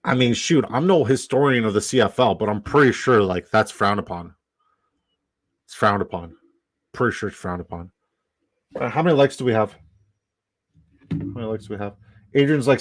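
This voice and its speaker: A man's voice: fairly low pitch, normal speed, long pauses, no room sound. A man from Canada hosting a live stream in casual chat, rambling, swearing and repeating himself.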